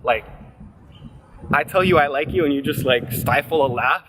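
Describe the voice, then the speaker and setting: A man's voice: on the high side, moderate pace, background noise. A man in his twenties telling a personal story for his vlog, rambling and self-deprecating, with lots of "like" fillers. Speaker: vlogger.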